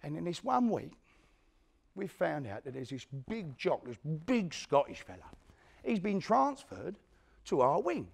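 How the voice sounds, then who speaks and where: An actor playing an older East London career criminal, telling a prison story in a one-man stage monologue with an East London accent. He swings between loud quoted lines and a low hush. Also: huge pitch swings, measured pace, creaky, slightly rough, full character voice. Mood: storytelling.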